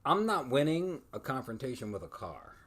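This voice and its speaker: A man who is a guest on a casual podcast, speaking in a relaxed way with many ums and uhs. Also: medium pitch, moderate pace. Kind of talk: casual chat.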